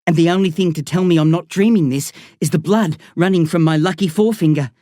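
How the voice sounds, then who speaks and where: A woman voicing a calm, mysterious teenage boy who speaks slowly and deliberately. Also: lowish voice, no room sound, studio quality, natural voice.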